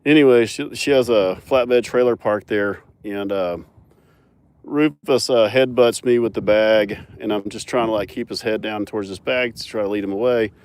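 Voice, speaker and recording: A young man with a fairly low voice tells his farm story with lively energy and frequent laughs. He talks outdoors on a mountain farm, close to a phone camera. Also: normal speed, smooth, no echo. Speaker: farmer and animal owner. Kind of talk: casual storytelling vlog.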